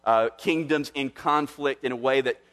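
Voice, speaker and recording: An earnest male pastor delivering a sermon in a church, with a voice of ordinary pitch. He preaches with emphatic rises and frequent restarts, and a long reverb trails his words through the hall. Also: normal speed, a bit bright.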